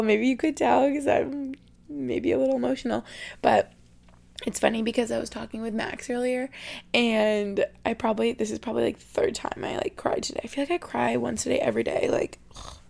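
A woman's voice: fairly high pitch, vocal fry, darkish tone. A young woman hosting her podcast in casual solo chat, rambling with lots of "like" and openly emotional. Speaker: podcast host.

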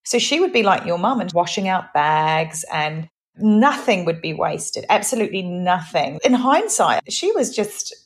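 A woman's voice: fairly low pitch, sing-song, a little slow. Chatty middle-aged woman podcaster. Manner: chatty, emphatic, storytelling. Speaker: podcast co-host. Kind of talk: casual chat.

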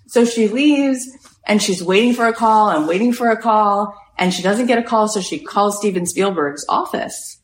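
A woman hosting a talk show, retelling a story in a chatty, animated way with lots of filler words. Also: mid-range voice, moderate pace, poor audio. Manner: lively, retells events with acted-out quotes. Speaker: podcast host and coach.

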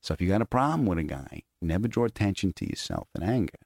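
Man putting on a gruff older Italian-American father, crime-boss manner, lively pitch swings, dry sound. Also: quick pace, dry recording, heavily acted. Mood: calm menacing. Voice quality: blunt, commanding, swings from calm to loud.

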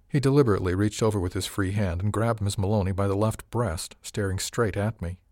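A man narrates a first-person audiobook in an even, wry voice that sits on the low side. The sound is dry and close, with no room in it. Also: a little fast, few pauses, no echo.

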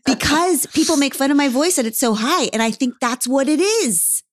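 A woman's voice: sits high, animated, normal speed, no echo. Eager woman host, dry close sound. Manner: eager, enthusiastic. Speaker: podcast host. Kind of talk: casual chat. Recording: dry studio mic.

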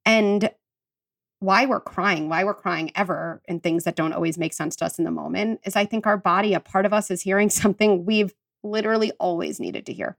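A woman's voice: mid-range voice, brisk, vocal fry. Earnest woman guiding a listener. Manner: earnest, reassuring, guides listeners through exercises. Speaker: psychologist guest. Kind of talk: podcast conversation.

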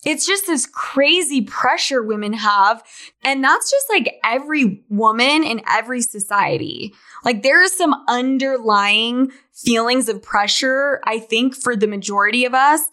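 A candid young woman in her twenties talks through a casual podcast monologue, filling her sentences with "like" and the odd swear word. Her voice sits a little on the high side. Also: animated, unhurried, sharp tone. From Salt Lake City, Utah, USA. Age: 20s. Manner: candid, chatty, swears freely, says "like" often. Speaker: podcast host.

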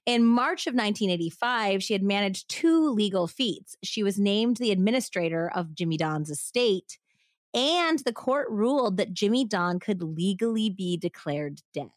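A woman's voice: mid-range voice, expressive, moderate pace, no room sound, studio quality. A woman hosting a true crime podcast, telling the story casually with a twang, laughing often and doing drawling voices for quotes. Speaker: podcast host.

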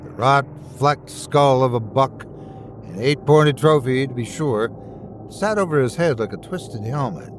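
A man's voice: mid-range voice, lively intonation, unhurried, over music. Man narrating a horror story. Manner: suspenseful, first-person storytelling.

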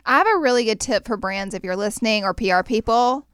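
A young woman with a high, bouncy voice chats casually as a podcast co-host and reacts dramatically to what she hears. Her tone is bright and crisp, recorded close and dry. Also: expressive, fast, dry recording. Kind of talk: casual chat.

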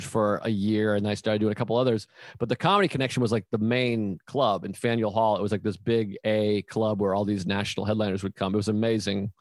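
A man hosting a casual comedy chat, telling stories with animated quoted voices. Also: fairly low pitch, no echo, studio quality. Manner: animated storyteller, acts out quotes. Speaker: comedian host.

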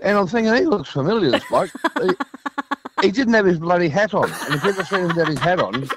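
A man's voice: sits high, expressive, quick pace, background noise. An Australian man calling in to a radio show, spinning a laid-back yarn. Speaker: caller. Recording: dull phone-in line.

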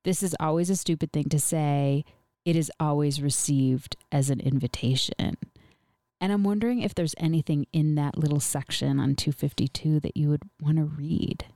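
Woman host, deep voice, thoughtful questions, close dry sound. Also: fairly even intonation, moderate pace, dark tone, no echo. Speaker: interviewer. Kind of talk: literary interview.

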